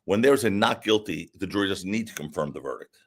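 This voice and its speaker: Guest attorney, male: low, slightly husky voice, swings widely in pitch, animated storyteller. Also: fast talker. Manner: animated, lively anecdote-telling. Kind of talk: casual interview storytelling.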